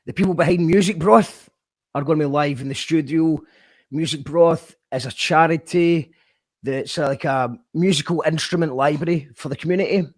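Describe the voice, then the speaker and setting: A man's voice: fairly high pitch, no room sound. A man hosting a casual radio interview, introducing guests and asking stumbling questions. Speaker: radio host.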